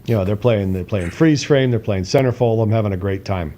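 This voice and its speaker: A man's voice: on the low side, a little fast, noisy background. A man co-hosting a podcast, telling a casual story animatedly, acting out voices and swearing now and then. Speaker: podcast co-host.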